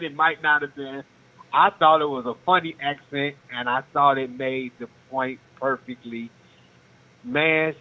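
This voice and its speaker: A man calling in to a talk show, rambling and repeating himself with lots of fillers. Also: mid-range voice. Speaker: caller. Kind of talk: casual call-in talk. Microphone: phone. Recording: tinny phone line.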